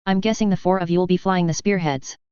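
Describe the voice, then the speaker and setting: Woman reading eager male hangar mechanic in a storybook reading, very smooth voice, lowish, dull lo-fi and dry recording. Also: fairly even intonation, fairly quick, warm tone, no room sound, close to an everyday voice. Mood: cheerful. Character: male aircraft mechanic, gushing over fighters.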